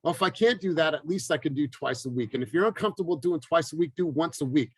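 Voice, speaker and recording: A man coaching his team in a motivational talk, energetic and emphatic, repeating phrases for effect. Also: on the high side, fast, breathy edge, dry recording, rough recording. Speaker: real estate team coach.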